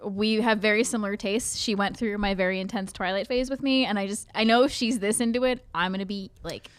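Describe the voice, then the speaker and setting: A woman's voice: mid-range voice, a little fast, smooth, no room sound. A woman co-hosting a podcast, chatting casually and rambling with many fillers. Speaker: podcast co-host. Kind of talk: casual chat.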